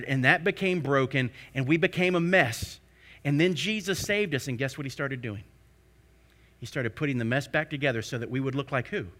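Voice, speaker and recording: A man preaching a sermon. He keeps asking the congregation rhetorical questions, building to emphatic peaks before dropping low again. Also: pushed and bright.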